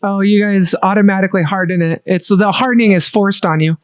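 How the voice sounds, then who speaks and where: A woman's voice: mid-range voice, fairly even intonation, a little fast, dry recording, clean studio sound. A woman hosting a casual interview, talking in a loose, chatty way with many fillers and restarts. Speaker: interview host. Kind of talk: casual video call interview.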